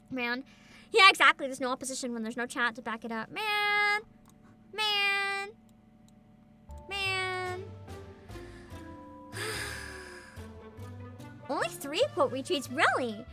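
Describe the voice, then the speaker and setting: A woman's voice: sits high, sharp tone. A woman streaming as a VTuber, ranting sarcastically in a casual livestream and laughing often.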